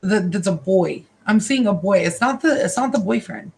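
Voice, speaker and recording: Halting, emotional woman giving a psychic reading. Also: medium pitch, lively intonation, creaky, darkish tone. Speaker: psychic card reader. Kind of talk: live-streamed psychic reading. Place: her own room.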